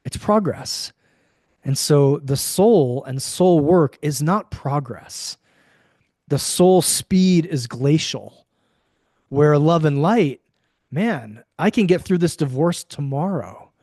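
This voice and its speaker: A man's voice: on the high side, animated, slow pace, darkish tone, no echo, studio quality. Emphatic man, guest on a podcast. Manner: emphatic, acts out quoted voices, swears casually. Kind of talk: conversational interview.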